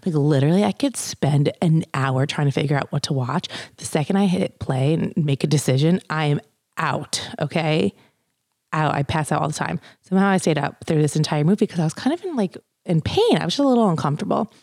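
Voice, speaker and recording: Gravelly-voiced woman telling a chatty story. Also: low voice, brisk, a little mellow. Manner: chatty, many "like" fillers, acts out quotes. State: pregnant, in labor pains. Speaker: vlogger. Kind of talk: casual storytime.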